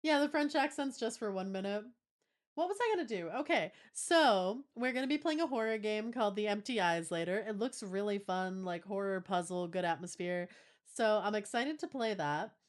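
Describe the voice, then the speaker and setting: A young woman livestreamer chats casually and playfully with her audience, reading their messages aloud with giggly asides. Her mid-range voice is animated and moves at a normal speed.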